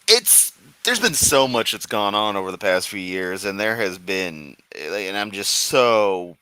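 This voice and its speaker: A man with a low-set but very bright, forceful voice comments on clips in a sarcastic, rambling way. The sound is dry and close, with no room around it. He talks back to the video as if its speaker could hear him. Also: big pitch swings, a little slow, clear, resonant tone, no room sound. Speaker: commentary host reacting to clips. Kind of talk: casual reaction commentary.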